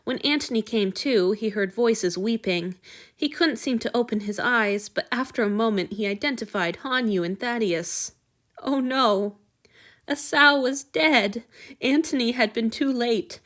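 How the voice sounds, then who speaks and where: Woman reader for an audiobook, slow, unhurried and expressive, a touch high. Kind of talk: reading fan fiction aloud.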